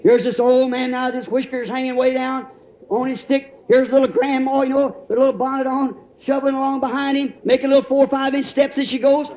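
High-voiced folksy preacher man. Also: level tone, brisk. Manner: folksy storytelling, laughing, rising to shouts. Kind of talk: sermon. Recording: dull, roomy old church recording.

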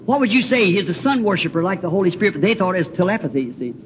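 High-voiced man preaching on dull old tape. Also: very animated, racing, a little hiss or hum. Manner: folksy, rambling storyteller with emphatic exclamations. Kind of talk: fervent sermon with personal testimony. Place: church building.

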